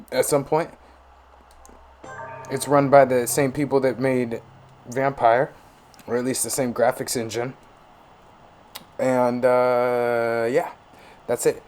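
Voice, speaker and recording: A man's voice: medium pitch, a little mellow. A man hosting a gaming channel, with laid-back, chatty and joking casual commentary.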